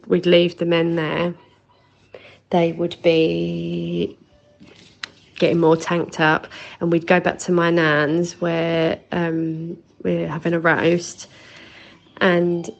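A woman's voice: on the low side, vocal fry, lo-fi sound. A woman leaving a chatty, nostalgic voice message for a podcast, swearing freely. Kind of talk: casual voice note.

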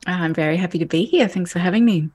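A woman from South Australia, a parenting educator, chatting as a podcast guest in a relaxed, easy-laughing way. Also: fairly low pitch, quick pace, husky. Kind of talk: casual interview chat.

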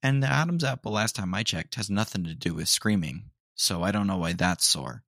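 A young man hosting a podcast, chatting casually and rambling, his voice a little hoarse. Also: sits low, a little fast, dry recording, studio quality. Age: young adult. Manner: rambling, relaxed, many fillers. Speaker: podcast host. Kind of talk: casual solo chat.

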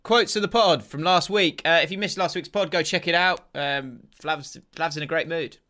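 A man's voice: fairly high pitch, moderate pace, pushed and bright. A man co-hosting a casual football podcast, chatty, laughing often and restarting his sentences. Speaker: podcast co-host.

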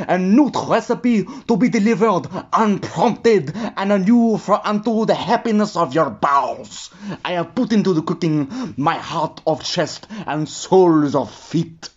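A man's voice: fairly high pitch, lo-fi sound. An actor playing a pompous male chef in a radio-style comedy, speaking grandly in mangled English.

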